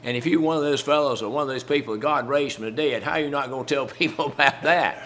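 A man's voice: mid-range voice, fast talker, a bit bright. A man preaching a sermon in a folksy, conversational way, chuckling as he talks through a Bible story to his congregation.

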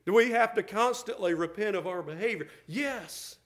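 A middle-aged pastor with a high voice preaches a sermon at normal speed. He repeats words to build his point, swinging from loud calls to soft, tender lines.

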